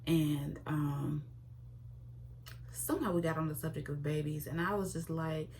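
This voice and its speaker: Young female vlogger, low pitch, chatty and expressive, slight hiss. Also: unhurried, rough recording. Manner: chatty and expressive, with sudden high-pitched exclamations. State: pregnant. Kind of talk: casual chat to camera.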